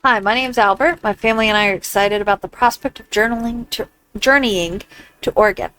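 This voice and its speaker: A woman's voice: mid-range voice, brisk, fairly bright tone, lightly acted, rough recording. A woman reading the lines of a hopeful male pioneer settler in a video game, in an earnest tone.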